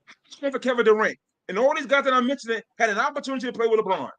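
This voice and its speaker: A man's voice: very high-pitched, rapid-fire. A man co-hosting a sports podcast, arguing emphatically and repeating his points in a heated debate. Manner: emphatic, repetitive, animated trash talk. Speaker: podcast co-host.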